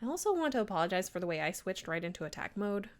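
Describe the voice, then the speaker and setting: A woman doing a proud Southern gentleman. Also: mid-range voice, sing-song, quick pace, close to an everyday voice. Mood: warm. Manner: earnest, grandiose. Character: proud old male Southern gentleman chef.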